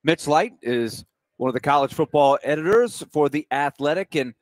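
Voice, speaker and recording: A man's voice: a little high, animated, moderate pace, no echo. Male sports radio host, dry close sound. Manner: introduces the guest and sets up questions.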